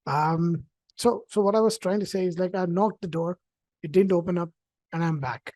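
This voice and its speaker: A man's voice: high voice, normal speed, a little mellow, no echo. A man giving a hesitant, reflective personal talk over a video call, with many fillers and restarts. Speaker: invited speaker at an online event. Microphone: own computer mic on a video call.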